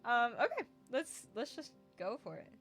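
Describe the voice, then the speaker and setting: A woman hosting a let's play, reading a visual novel's narration and lines aloud and chatting with a friend, animated with dry sarcastic asides. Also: mid-range voice, moderate pace, faint music behind. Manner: animated, laughs often, breaks into dry sarcasm.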